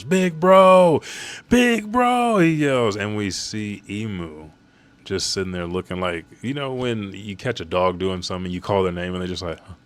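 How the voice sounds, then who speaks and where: A man's voice: sits low, fairly bright tone. A man casually recapping a manga chapter, rambling and swearing as he goes.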